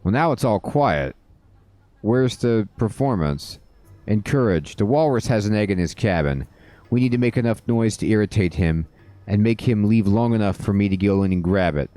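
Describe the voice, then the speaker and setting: A man's voice: lowish voice, expressive, normal speed, mellow, dry recording. A man casually commenting while playing a game and reading out its dialogue. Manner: mumbling, reading dialogue aloud. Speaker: let's play gamer.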